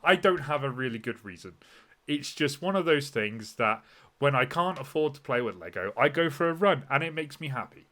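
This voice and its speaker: Bright-voiced man, dry humour. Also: mid-range voice, expressive, brisk. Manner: dry, self-mocking humour. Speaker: podcast co-host. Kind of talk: casual chat.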